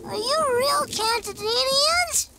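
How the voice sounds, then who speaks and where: A woman's voice: extremely high pitch, slow, heavy background noise, heavily acted. An actress voicing a curious, imaginative little boy who talks in a whiny, wide-eyed way.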